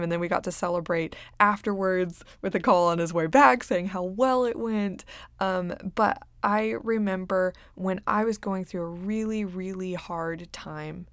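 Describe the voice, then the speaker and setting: A young woman talks earnestly into a close mic in a casual faith podcast intro, her voice slipping into a gravelly fry as she trails off. She fills pauses with ums and little laughs. The recording is dry and close, with no room sound. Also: lowish voice, dry recording. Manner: earnest, many ums, laughs softly between thoughts. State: getting choked up. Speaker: podcast host and career coach. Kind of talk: casual heartfelt monologue.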